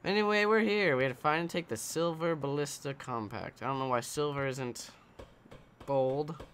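A man's voice: a little high, normal speed, a bit bright, a little hiss or hum. A man giving casual let's-play commentary while he games, rambling, joking and swearing. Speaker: gameplay commentator.

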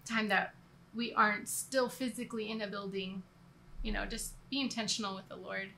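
A woman's voice: mid-range voice, steady tone, moderate pace, creaky, sharp tone, a little hiss or hum. A woman giving a casual, earnest church talk, rambling with restarts and laughing at herself now and then. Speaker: church co-leader. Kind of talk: conversational church teaching.

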